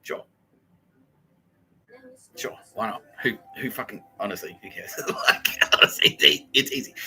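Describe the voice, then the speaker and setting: A man's voice: fairly low pitch, normal speed, pauses often, pushed and bright, low-quality recording. A man hosting a podcast, retelling a film in a casual, comedic way, swearing and laughing often. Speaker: podcast host.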